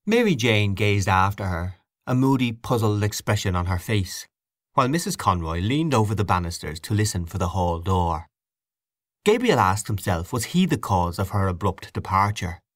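A man reading an audiobook in a fairly low voice with lively, rising and falling intonation. His narration is measured and expressive. The recording is dry and close. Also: no room sound. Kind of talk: scripted narration.

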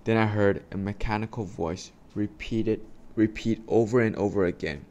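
A man reading a children's storybook aloud slowly and carefully, with small stumbles, then giving his listeners instructions. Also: lowish voice, darkish tone, slight background noise. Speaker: reader for a class.

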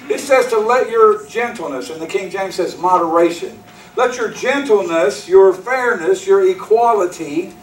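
A man preaching a sermon as pastor, driving his points home with repetition and direct questions to the congregation. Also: high-pitched. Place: church sanctuary. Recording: echoey hall, mic from a distance.

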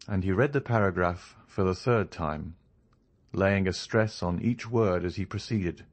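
A man narrating a classic novel as an audiobook, in steady, even storytelling. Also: low-pitched, measured pace, dry recording.

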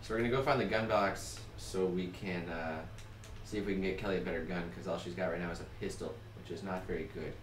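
A young man chatting casually while playing a video game with his wife, bossy and prone to sudden shouts. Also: low-pitched, steady tone, quick pace, roomy sound, recorded from a distance, slight background noise. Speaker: gamer. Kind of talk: casual gameplay chat.

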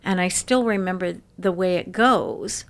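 A woman around sixty telling stories in an interview, lively and laughing often. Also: fairly low pitch, a little slow. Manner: lively storyteller who laughs often and acts out quoted voices. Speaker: interview guest. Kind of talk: casual storytelling interview.

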